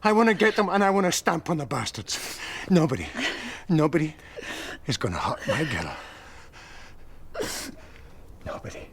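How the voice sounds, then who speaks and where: A gruff detective. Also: male voice, medium pitch, big pitch swings, moderate pace. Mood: soothing, fierce. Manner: hushed and soothing, turning forceful. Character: gruff senior detective man, protective. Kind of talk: TV drama acting.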